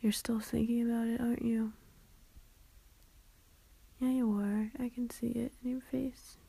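A young woman speaks in a whispered role-play, soft and tender, reassuring the listener and giggling often. Her voice sits a little high, with a husky, breathy edge and a gravelly catch. She takes her time over every word. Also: level tone, measured pace, dry recording, low-quality recording. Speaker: ASMR performer.

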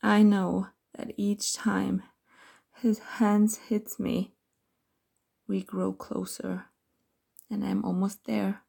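A woman telling a first-person erotic story as a whispered role-play, in a soft, intimate whisper. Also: mid-range voice, level tone, slow, creaky, pauses often. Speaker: narrator of an erotic audio story.

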